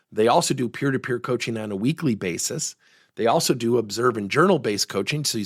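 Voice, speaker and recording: A middle-aged man hosting a coaching podcast, telling a work story in an animated, personal way. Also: mid-range voice, breathy edge, no room sound, studio quality. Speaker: podcast host and workplace coach. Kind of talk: podcast monologue.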